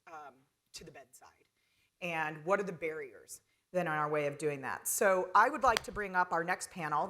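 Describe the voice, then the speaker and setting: Bright-voiced woman moderating a panel. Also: mid-range voice. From North Carolina. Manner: chatty storytelling, with fillers. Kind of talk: conference stage talk.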